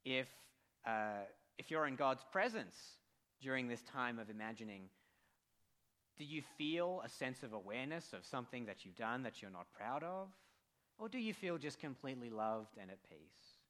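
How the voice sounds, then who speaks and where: A male pastor with an accent delivering a sermon in a bright, clear tone. His pitch moves widely, rising and falling with feeling. He speaks with heartfelt warmth and pauses when emotion catches him. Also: expressive. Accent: non-American accent.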